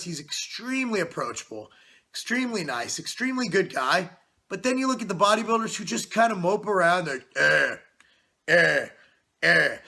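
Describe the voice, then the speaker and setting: A man in his forties talks straight to camera from his basement in a high, bright voice. He is loud and passionate, slightly out of breath and stuffy-nosed. He leans on "you know" and swears casually. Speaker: fitness channel host. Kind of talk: casual vlog talk to camera. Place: home basement.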